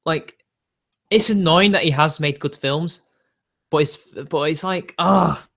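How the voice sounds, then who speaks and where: A man rambles through viewer questions on a casual livestream. His voice sits a little higher than most men's, and he laughs often between his blunt, opinionated remarks. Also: unhurried, a bit bright. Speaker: streamer.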